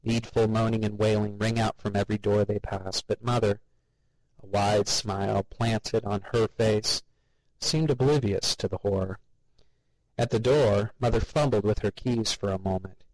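A man narrating a story with a steady, even reading. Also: on the low side, moderate pace, no echo, rough recording.

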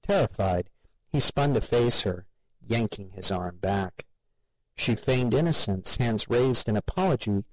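This male audiobook reader sits on the low side and keeps a measured pace, narrating a scripted story steadily and gravelly while performing all the characters. There's no room sound, though the audio is poor.

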